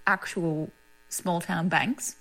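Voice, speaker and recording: Bubbly Australian actress, laughing often. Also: female voice, on the low side, steady tone, slow, gravelly, a bit bright. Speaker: actress as guest. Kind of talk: radio interview.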